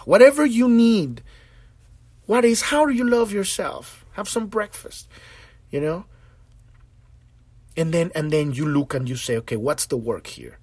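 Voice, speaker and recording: This man's voice is on the high side and slightly rough, at a measured pace with frequent pauses and no room sound. Hosting a podcast, he speaks casually and with feeling about spiritual growth, animated and profane, acting out the voices of people he quotes.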